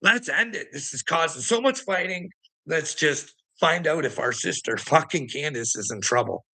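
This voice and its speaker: A man's voice: a little high, expressive, normal speed, bright, forceful tone. A man delivering a profane, confrontational rant at someone, laughing between jabs. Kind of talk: ranting monologue to camera.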